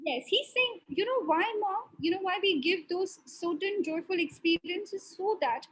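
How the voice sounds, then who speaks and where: A woman's voice: very high-pitched, expressive, measured pace, poor audio. A woman spirit medium relaying a spirit's words, prefacing quotes with "he's saying" and often laughing.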